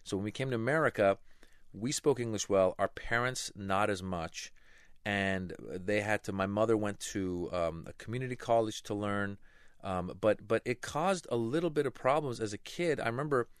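Middle-aged male comedian from Iran, animated anecdotes, fairly low voice, close and dry. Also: moderate pace, clear, resonant tone, no echo. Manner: lively, acts out voices in anecdotes. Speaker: stand-up comedian guest. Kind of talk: animated storytelling interview.

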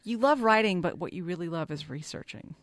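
A woman's voice: lowish voice, expressive, brisk, dry recording, studio quality. A woman interviewer asking curious, engaged questions in a radio interview. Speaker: interviewer host.

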